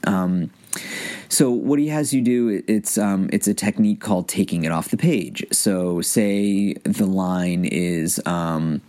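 A man talking casually to the camera about an acting method, pausing and restarting often. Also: low-pitched, dark tone. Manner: halting, many restarts and fillers. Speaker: amateur actor reviewing an acting book.

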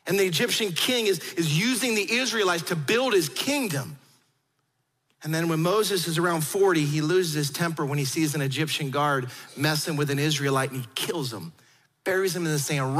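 A man preaching a sermon, retelling a story with lively acted-out quotes. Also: sits high, moderate pace, long reverb tail. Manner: animated storytelling, acts out quoted voices. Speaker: pastor.

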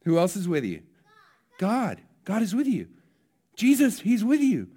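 Man pastor with a lightly raised pitch. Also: measured pace, breathy edge. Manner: lively, asks listeners questions. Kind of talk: children's message then sermon.

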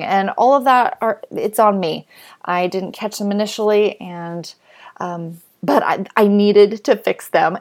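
A woman's voice: medium pitch, darkish tone. A woman in her thirties hosting a podcast, speaking about her writing in a heartfelt personal monologue, emotional and grateful, with hesitant restarts. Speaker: podcast host and author.

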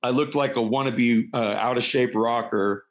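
A man's voice: medium pitch, normal speed. Middle-aged guy rambling thru old wrestling stories, lots of uh and um, kinda muffled lo-fi audio. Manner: rambling, frequent fillers and self-corrections. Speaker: former pro wrestler telling stories. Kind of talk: casual anecdotal storytelling. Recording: dull lo-fi recording.

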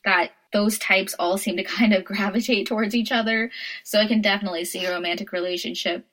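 A woman's voice: mid-range voice, fairly even intonation, a little fast, fairly bright tone. A woman co-hosting a casual podcast chat, laughing often as she talks. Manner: giggly, laughs often mid-sentence. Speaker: podcast co-host.

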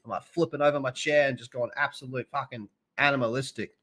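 A young man with an Australian accent, talking in a loose, blunt way and swearing freely as he tells his stories. His voice has a bright, forceful edge and sits at an ordinary pitch for a man. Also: fairly even intonation, fast. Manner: blunt, profanity-heavy storytelling. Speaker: podcast guest. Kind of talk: casual podcast chat.

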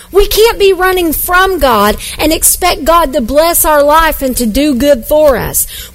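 A woman pastor preaching a sermon, earnest and repetitive, building emphasis phrase by phrase. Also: high voice.

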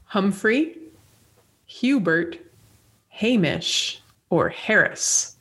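A woman's voice: mid-range voice, expressive, drawn-out words, slightly rough. Chatty, enthusiastic woman at a trivia quiz. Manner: chatty, warmly enthusiastic, playful. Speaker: podcast co-host, quiz contestant. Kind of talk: casual chat, trivia quiz.

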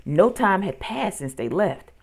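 A woman reading a children's book aloud, with steady, expressive storytelling. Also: mid-range voice, measured pace, creaky, breathy edge.

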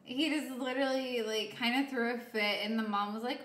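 A woman's voice: on the high side, steady tone, normal speed, fairly bright tone. A woman co-hosting a podcast, chatting casually about a film with a dry, laid-back manner. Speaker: podcast co-host. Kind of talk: casual film review chat. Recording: echoey room.

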